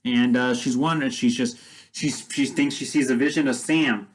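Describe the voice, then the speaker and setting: A man's voice: mid-range voice, steady tone, normal speed, poor audio. Rambling man retelling a story. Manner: rambling, many restarts and fillers. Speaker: storyteller vlogger.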